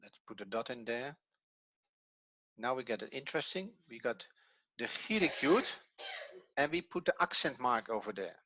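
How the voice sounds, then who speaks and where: A middle-aged man teaching a grammar lesson, explaining slowly and step by step, a non-native English speaker whose first language is Dutch. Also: mid-range voice, lively intonation, bright, forceful tone, lo-fi sound. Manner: slow, methodical explaining step by step. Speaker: Hebrew teacher.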